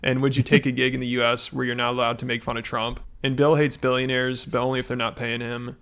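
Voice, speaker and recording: A man's voice: medium pitch, level tone, fast, fairly bright tone, smooth. A man commenting on a video in a matter-of-fact, summarizing way. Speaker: online commentator.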